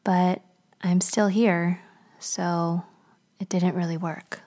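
Shame is a slumped, weary male figure who speaks softly and with resignation, as a woman storyteller puts him on. His voice stays low in volume and mellow, and the delivery is subdued. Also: flat delivery, takes it slowly. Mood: resigned.

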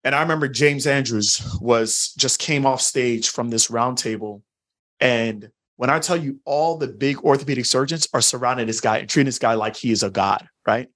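A man hosting a podcast, telling a story in a casual, enthusiastic way with quick asides. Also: mid-range voice, fairly bright tone. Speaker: podcast host. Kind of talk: casual interview chat.

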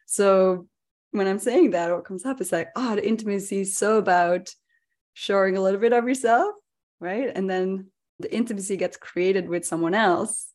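A woman from the Netherlands, hosting a casual podcast interview, expressive and quick to laugh as she acts out what others said. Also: medium pitch. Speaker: podcast host.

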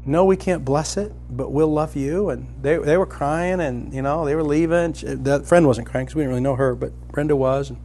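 Middle-aged male pastor, sermon storytelling, animated, slightly high voice, faint hum. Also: brisk, hardly any pauses. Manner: animated, rising to loud excited emphasis.

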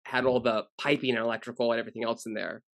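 A man's voice: medium pitch, little pitch movement, racing, a bit bright, no room sound, clean studio sound. A man co-hosting a casual podcast, rambling through stories with lots of fillers. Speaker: podcast co-host.

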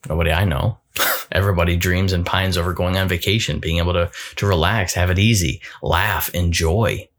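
A man giving a reflective solo talk as a coach, thoughtful and halting, often repeating words as he goes. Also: low-pitched, fairly even intonation, a bit bright.

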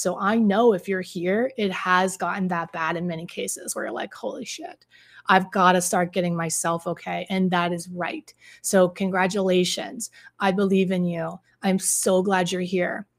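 A middle-aged woman coaching on a live stream. She chats with viewers, reads out their comments and acts out the voices of the people she quotes. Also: mid-range voice. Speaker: relationship coach.

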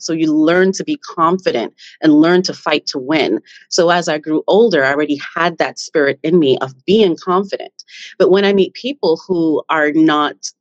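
A woman from Jamaica, a podcast guest talking with confidence and an animated lift, laughing often. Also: low voice, no echo, dull audio. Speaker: guest, business founder. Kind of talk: podcast interview.

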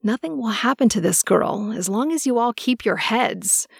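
A motherly, centuries-old seer woman, calm and soothing, as a female narrator plays her. Her voice carries a gravelly texture in a dry, close recording. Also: fairly high pitch, moderate pace, no room sound, heavily acted.

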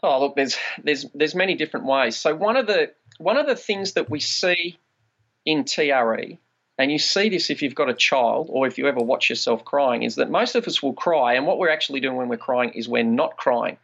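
A man's voice: mid-range voice, moderate pace, gravelly, a bit bright, lo-fi sound. A man, a trauma release practitioner, explaining body practices in a conversational podcast interview and acting out quoted inner voices.

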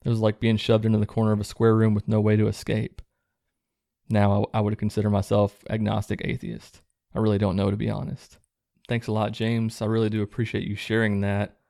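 A man with a low, gravelly voice reads viewer letters aloud in a steady, even tone. Between letters he adds relaxed, low-key comments. The sound is close and dry, with no room echo. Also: fairly quick. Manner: low-key, plain reading, relaxed asides. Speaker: host reading viewer stories.

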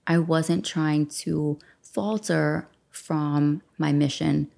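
A woman's voice: low voice, steady tone, very slow, vocal fry, warm tone. A woman hosting a self-help podcast, talking casually into a studio microphone, chatty and affirming, guiding listeners through journaling. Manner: chatty, affirming, acts out her own thoughts. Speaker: podcast host and life coach. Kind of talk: casual guided journaling talk.

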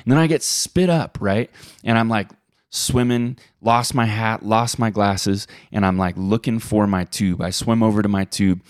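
A middle-aged man co-hosting a podcast, telling animated stories and acting out the voices he quotes. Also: lowish voice, normal speed, smooth, no room sound, studio quality. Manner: animated storyteller, acts out quotes. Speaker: podcast co-host. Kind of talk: casual chat.

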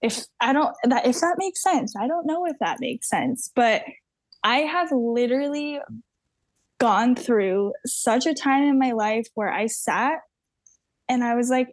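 A woman's voice: sits high, measured pace, no echo. A woman in her twenties, a podcast guest, talking candidly in a chatty way full of "like". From Southern California. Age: 20s. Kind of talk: casual conversation.

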